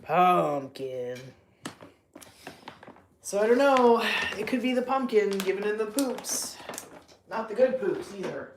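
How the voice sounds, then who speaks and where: Woman host, mid-pitched, chatty livestream talk, laughs easily, slips into baby talk with pets, faint background hiss. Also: expressive, takes it slowly, long pauses. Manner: chatty, laughs often, coos baby-talk at her cats. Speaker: livestream host with pet cats. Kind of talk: casual livestream chat.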